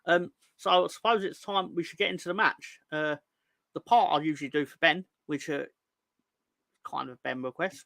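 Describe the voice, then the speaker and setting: The man's fairly high, creaky voice is a bit bright, with a moderate pace and no room sound. In a relaxed football fan livestream, he reads viewer comments aloud in silly voices, jokes around and rambles, stumbling and restarting as he goes.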